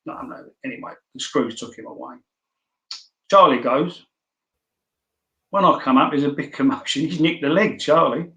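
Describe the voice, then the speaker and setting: A man's voice: medium pitch, normal speed, gravelly, pauses often, sharp tone. A man, a podcast guest, telling blunt, swearing anecdotes in casual storytelling. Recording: roomy echo.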